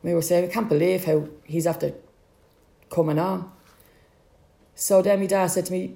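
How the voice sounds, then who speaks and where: A woman's voice: fairly low pitch, steady tone, normal speed, gravelly, pauses often, mellow. A middle-aged Irish woman telling a personal family story, acting out the voices of the people in it.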